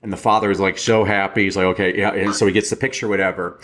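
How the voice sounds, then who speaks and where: A man as a podcast guest, telling animated stories in casual chat and acting out the quotes. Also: deep voice, fast talker. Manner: animated storyteller, acts out quotes.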